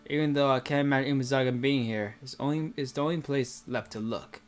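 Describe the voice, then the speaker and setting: A man's voice: mid-range voice, steady tone, quick pace, faint music behind. A man reading a visual novel aloud with casual, rambling commentary full of fillers.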